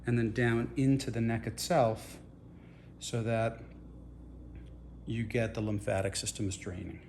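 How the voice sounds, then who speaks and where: A man, a facial plastic surgeon, calmly talking viewers through aftercare steps in a reassuring, instructive way. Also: medium pitch, a little slow, pauses often, slight background noise. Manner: calm, reassuring, repeats gentle guidance. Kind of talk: instructional demonstration.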